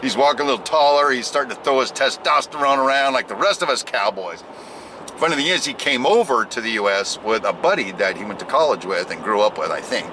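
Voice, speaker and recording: A man's voice: mid-range voice, expressive, fast, noisy background. A man talking casually to the camera while driving, rambling and joking at himself. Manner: rambling, jokey, self-deprecating. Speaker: vlogger. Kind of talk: casual driving vlog monologue.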